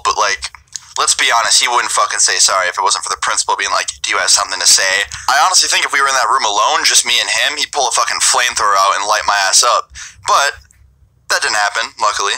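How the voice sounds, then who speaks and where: Young male YouTuber, bright and sharp-toned, animated storytime delivery with lots of swearing. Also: on the low side, poor audio. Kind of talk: storytime vlog.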